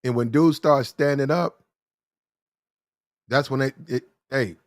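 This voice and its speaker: A man hosting a commentary show, ranting bluntly with profanity, repeating lines for emphasis and getting loud and fast when worked up. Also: medium pitch, no room sound, studio quality. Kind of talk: heated commentary rant.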